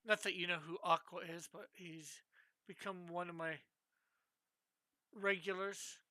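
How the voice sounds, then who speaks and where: A woman's voice: lowish voice, steady tone, a little slow, pushed and bright. A woman hosting a live drawing stream, chatting in a meandering, giggly way. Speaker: stream host and comic artist. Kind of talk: casual live-stream chat.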